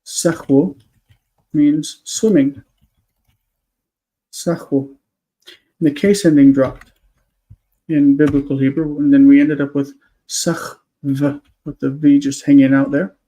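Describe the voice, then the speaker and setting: A man's voice: a little high, little pitch movement, slow, pauses often, dark tone, poor audio. A man on a live stream, explaining word forms step by step, thinking aloud with many fillers. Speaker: Hebrew teacher.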